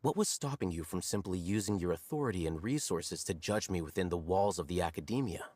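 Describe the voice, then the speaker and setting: A cool male scholar in a game speaks in a low, measured voice that still moves widely in pitch as he probes and questions. His tone is deliberate. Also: lively intonation, darkish tone, no echo. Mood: probing. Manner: measured, interrogating. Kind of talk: video game voice acting.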